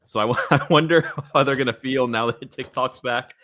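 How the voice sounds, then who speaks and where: A young man co-hosting a comedy podcast, offhand and quick to laugh. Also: mid-range voice, pushed and bright. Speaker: podcast co-host. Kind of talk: casual comedy chat.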